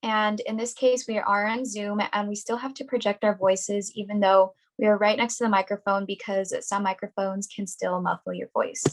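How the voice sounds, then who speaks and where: A young woman on a video call reading a prepared workshop presentation in a clear, deliberate, instructional way. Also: mid-range voice, level tone, low-quality recording.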